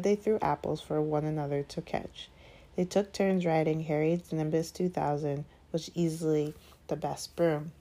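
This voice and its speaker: A woman reading a children's fantasy novel aloud in steady, measured narration. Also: sits low. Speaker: audiobook reader. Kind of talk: scripted narration.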